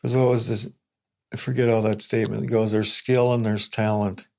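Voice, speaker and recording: A gravelly older man speaks in a low, even voice with little rise and fall. He is a guest in a relaxed podcast chat, reflective and plain-spoken. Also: normal speed. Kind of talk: casual conversation.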